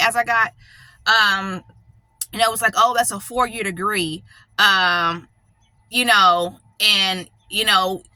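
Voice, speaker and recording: A middle-aged woman speaks in a personal vlog with a bright, sharp voice. The sound is dry and close. She is emotional and near tears, and she rambles and keeps checking in with "right?" and "you know.". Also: mid-range voice, no echo. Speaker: channel host.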